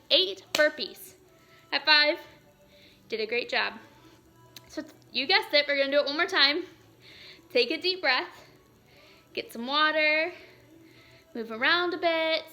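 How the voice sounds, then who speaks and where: A woman leading a warm-up workout as a fitness instructor, upbeat and encouraging, reading a rhyme in a slow, steady cadence. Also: sits high.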